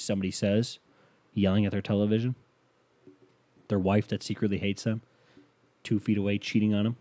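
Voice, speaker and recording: A man's voice: on the low side, flat delivery, fairly quick, long pauses, mellow, no room sound. Profane, rambling male comedian. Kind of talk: crude comedic riffing.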